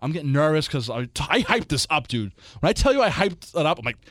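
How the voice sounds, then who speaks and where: A man's voice: fairly high pitch, quick pace, dry recording, clean studio sound. A man co-hosting a casual podcast, telling stories and acting out what people said. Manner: animated storyteller, acts out quotes. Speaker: podcast co-host. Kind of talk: casual chat.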